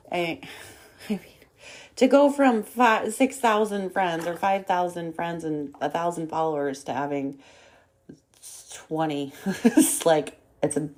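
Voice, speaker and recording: On her own podcast, a woman with a lowish, slightly mellow voice tells a story in a casual monologue. She is frank and swears freely, and she coughs now and then, still recovering from a cold.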